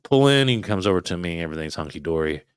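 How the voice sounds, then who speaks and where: Speaking quickly and expressively in a smooth, low voice, a thirty-something man on a podcast relaxes into a story full of swearing. He voices what he was thinking back then and mimics the sounds he heard, all on a dry, studio-quality recording.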